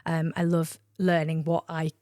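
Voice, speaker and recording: A woman, chatting in a casual podcast. Her voice sits a bit low for a woman, and she sounds close and dry. She tells stories with energy and slips into voices for the people she quotes. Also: measured pace, no echo. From England. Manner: animated storyteller, acts out quoted voices and laughs often. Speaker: guest.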